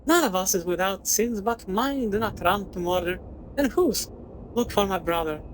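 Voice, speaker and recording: A woman's voice: mid-range voice, expressive, normal speed, a little hiss or hum, lightly acted, low-quality recording. A woman voicing a solemn male woodcutter who speaks in stiff, archaic, formal phrasing.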